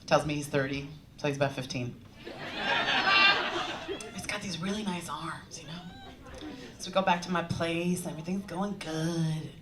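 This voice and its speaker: A woman's voice: sits low, moderate pace, long pauses, a loud crowd. A young woman from Long Island with a Long Island accent, doing a brash stand-up comedy set with confiding punchlines. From Long Island, New York. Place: comedy club stage. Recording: noisy live club recording from some distance.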